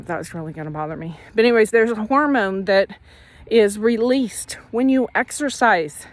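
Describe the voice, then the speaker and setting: A faith vlogger with a slightly high voice gives a casual, earnest pep talk about faith and fitness while out walking, captured in a dry recording. She repeats herself and corrects herself as she goes.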